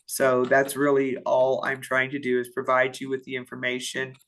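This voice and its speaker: A woman's voice: a bass voice, completely flat delivery, moderate pace. Woman presenting payroll rules in a webinar. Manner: thinking aloud, many fillers and restarts. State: has the hiccups. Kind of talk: webinar Q&A, reading out questions.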